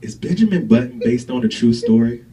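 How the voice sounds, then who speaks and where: A man's voice: medium pitch, animated, fairly quick, recorded from a distance, a crowd in the background, pitched below the performer's own voice, natural voice, rough recording. A comedian doing his puzzled, earnest dad. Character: the comedian's older, puzzled father.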